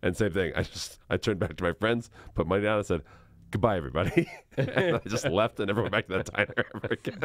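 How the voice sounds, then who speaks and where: A young man with a very low voice co-hosts a casual chat, telling lively stories and laughing as he goes. The sound is dry and close to the mic. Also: quick pace, no room sound. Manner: animated storyteller, laughs often. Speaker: podcast co-host.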